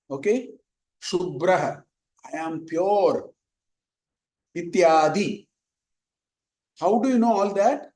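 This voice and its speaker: A man teaches a Vedanta lesson, telling little stories and working Sanskrit verses into an easygoing, digressive explanation. His voice sits high for a man, and the recording picks up a roomy echo around him. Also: darkish tone. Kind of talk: spoken scripture lesson.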